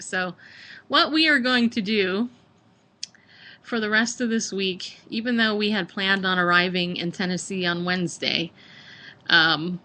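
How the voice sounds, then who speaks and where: A woman's voice: fairly low pitch, pushed and bright. A woman from California, rambling casually about a road trip as a podcast host, with lots of fillers and laughter. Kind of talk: casual travel chat.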